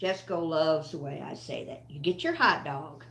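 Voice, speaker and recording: A woman's voice: sits low, lively intonation, moderate pace, fairly bright tone, slight background noise. Older woman chatting on a livestream. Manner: chatty, talks to viewers and her dog while cooking. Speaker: livestream host. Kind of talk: casual livestream chat.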